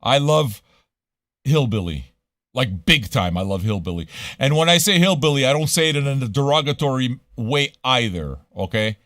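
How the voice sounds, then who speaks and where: This is a man, hosting a loose, chatty radio stream. His talk is full of swearing and wandering asides, with easy switches into French. His voice sits at an ordinary pitch, recorded close and dry. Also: lively intonation, normal speed, a bit bright, no room sound. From Montreal, Canada. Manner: profane, rambling, switches into French. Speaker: radio show host. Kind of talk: casual livestream chat.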